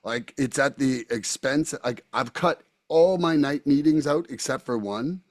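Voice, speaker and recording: A man's voice: mid-range voice, measured pace. Candid, casual man talking recovery. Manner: candid, casual, repeats words. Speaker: podcast host. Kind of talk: recovery podcast conversation.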